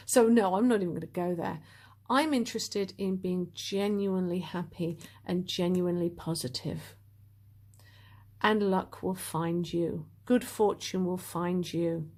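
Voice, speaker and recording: A woman giving a casual spiritual talk as a tarot reader, animated and upbeat with lively swings in her voice. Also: mid-range voice.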